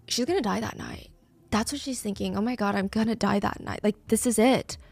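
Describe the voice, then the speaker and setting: Woman storyteller with a fairly high voice; dry, close sound; chatty true crime narration. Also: a bit bright, no echo. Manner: conversational, with fillers like "like" and "I mean".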